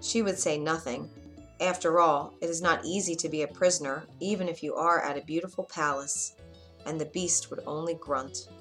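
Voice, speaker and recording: A woman with a fairly low voice narrates a children's fairy tale. She reads clearly and at a measured pace, the way someone reads aloud to children. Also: fairly even intonation, a bit bright, faint music behind. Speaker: storyteller. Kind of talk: children's storybook reading.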